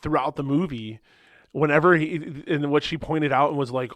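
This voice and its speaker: A man's voice: a little high, steady tone, moderate pace, a bit bright, dry recording. A man co-hosting a podcast, casually retelling movie scenes in a loose, rambling way full of "like" and restarts. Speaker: podcast co-host. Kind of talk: casual movie review chat.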